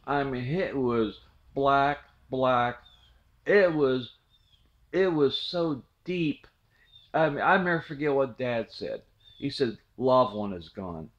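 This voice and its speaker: A man's voice: mid-range voice, animated, takes it slowly, pauses often. Man, middle-aged, rambling storyteller, repeats himself, dull lo-fi sound. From southwest Ohio. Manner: rambling, repeats words, restarts. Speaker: channel host telling a memory. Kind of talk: casual storytelling.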